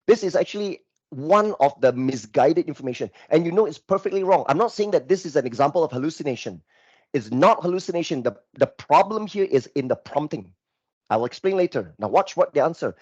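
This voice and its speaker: A male course instructor giving a live screen demo, talking in an animated, exasperated way and repeating himself. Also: fairly high pitch, brisk, slightly rough, dry recording. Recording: dull lo-fi microphone, dry.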